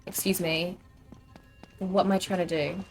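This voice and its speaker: A woman's voice: fairly low pitch, little pitch movement, unhurried, soft background music. A young British woman streaming a game, chatting casually and rambling with lots of fillers. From United Kingdom. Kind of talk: casual gaming chat.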